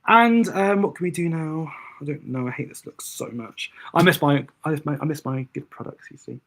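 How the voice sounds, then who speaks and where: A man's voice: on the high side, a little fast, a bit bright. A young man doing drag makeup on a livestream, chatting casually and thinking aloud to his viewers.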